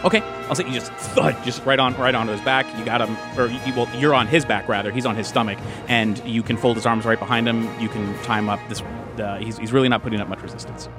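A man's voice: medium pitch, level tone, quick pace, few pauses, over music. A man narrating as the game master of a tabletop game in a casual, hesitant way with many fillers.

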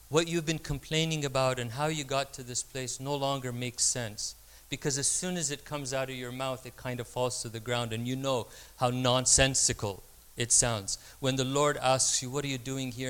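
A man's voice: medium pitch, clear, resonant tone. Resonant-voiced male preacher. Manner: expressive, dramatizing quoted voices. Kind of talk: sermon with scripture reading.

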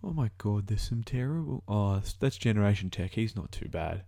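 A man's voice: on the low side, lively intonation, fairly quick, vocal fry, warm tone. A man in his twenties with an Australian accent, rambling through casual reaction commentary and thinking aloud, often correcting himself mid-sentence. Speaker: video reactor.

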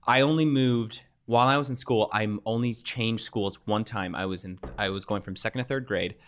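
A man's voice: lowish voice, normal speed, fairly bright tone. A man in his twenties on a casual podcast, joking sarcastically. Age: 20s. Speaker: podcast co-host. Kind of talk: casual chat.

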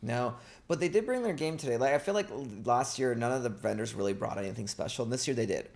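A man chats as co-host on a podcast, quick and talkative. His voice sits in a middle register, and he rambles cheerfully with plenty of restarts. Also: medium pitch, creaky, darkish tone. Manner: rambling, upbeat, many restarts. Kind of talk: casual chat.

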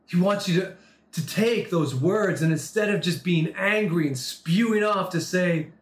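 A man's voice: sits high, measured pace, reverberant. A man preaching a sermon, telling a story with earnest emphasis and acted-out dialogue. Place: Turkey.

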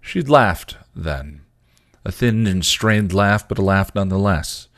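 A man, a podcast host, reading a story aloud in a lively narrating voice. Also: low voice, unhurried, no echo, clean studio sound. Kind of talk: reading fan fiction aloud.

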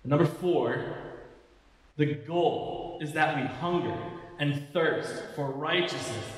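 A man preaching a sermon as pastor, earnest, slowing down to stress key phrases. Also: fairly high pitch. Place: church sanctuary. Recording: echoey hall, mic at a distance.

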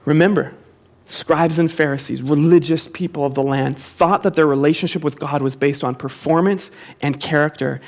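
A pastor with a fairly high voice preaches to his congregation, repeating key phrases for emphasis and calling on listeners to say them back with him.

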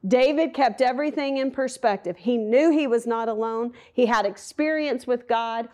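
A woman's voice: fairly high pitch, normal speed, darkish tone. A woman teaching a Bible lesson in a chatty sermon style. She asks her listeners questions and acts out the quotes. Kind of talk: conversational sermon.

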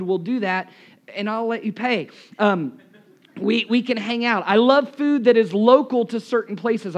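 A man with a high voice preaches to his congregation. He is losing his voice and sounds hoarse. He tells lively, self-mocking stories into a live microphone in a church. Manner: animated, self-deprecating storyteller. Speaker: pastor. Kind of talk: live sermon with storytelling.

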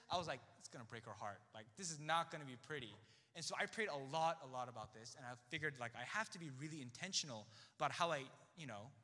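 A young man recounts a personal testimony in a chatty, storytelling way, slipping into the voices of the people he quotes. His voice is bright and sharp, a little high, and it swings widely in pitch. It carries a long hall reverb behind it. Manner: animated, chatty, acts out quoted dialogue. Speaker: speaker sharing a testimony.

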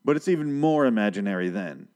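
Rambling, foul-mouthed man with a low voice. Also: animated, fast, a little mellow. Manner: rambling, swears a lot, interrupts himself. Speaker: podcast host recapping a TV episode. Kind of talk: casual profane chat.

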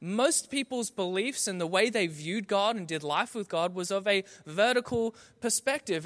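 A young man preaches with animated, self-mocking storytelling. His voice sits high and sounds bright and forceful. Long reverb from a large hall trails his words. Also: moderate pace, few pauses. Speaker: pastor. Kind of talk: sermon.

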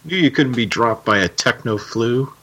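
A man voicing an excitable young male robot cheetah from a cartoon, with an eager, upbeat manner. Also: medium pitch, moderate pace, noisy background, voice pushed up, close to an everyday voice.

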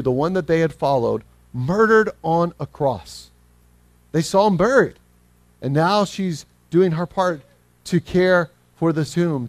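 Male pastor, fairly high voice, earnest and animated, close dry mic. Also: no room sound. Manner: earnest, acts out scripture quotes; slows down when reading scripture. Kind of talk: sermon.

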